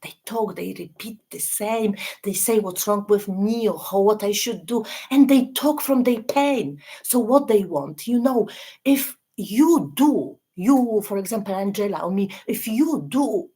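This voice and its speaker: Woman, husky voice, self-help talk, earnest, halting, restarts phrases, checks in with listeners. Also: medium pitch, lively intonation, dark tone. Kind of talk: casual motivational talk.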